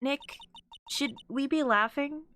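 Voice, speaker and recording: A woman voicing an excitable young female sidekick from a game, reading the dialogue aloud in a high, eager voice. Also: slow, a little hiss or hum, heavily acted. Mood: urgent. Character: peppy young female spirit-medium sidekick.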